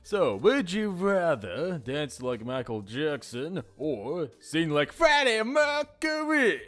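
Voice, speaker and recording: A man's voice: fairly high pitch, sing-song, slow, fairly bright tone, faint music behind. A man hosting his own video, chatting casually to viewers in a rambling, self-mocking way with frequent chuckles. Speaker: YouTuber host. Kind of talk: casual solo chat to viewers.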